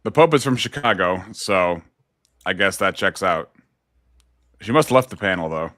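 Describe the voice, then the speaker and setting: A man with a lowish, bright, edgy voice talks as a guest on a livestream. He debates calmly and teases the host. The recording is dry and close. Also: moderate pace, no echo. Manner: calm, teasing, laughs at others. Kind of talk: casual debate chat.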